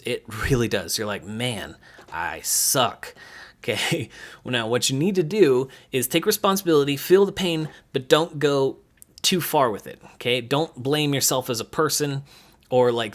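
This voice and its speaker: A young man, a gymnastics coach, giving casual, animated coaching advice and acting out what he would say to athletes. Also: medium pitch. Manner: animated, acts out quoted lines, frequent laughs.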